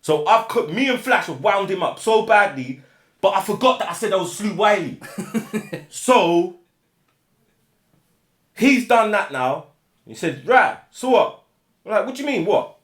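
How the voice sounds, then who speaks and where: A man tells a rambling story in thick slang. His voice is a bit high and swings widely as he shouts out other people's lines. The room around him is echoey. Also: a little slow, long pauses. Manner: animated, acts out shouted quotes, slang-heavy. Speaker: guest storyteller. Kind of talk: casual anecdote.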